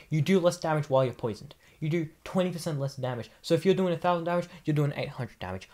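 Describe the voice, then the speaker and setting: A man's voice: on the high side, brisk. A man from Australia with an Australian accent, a gaming YouTuber doing casual commentary, ranting in an exasperated way, repeating himself and stumbling over words.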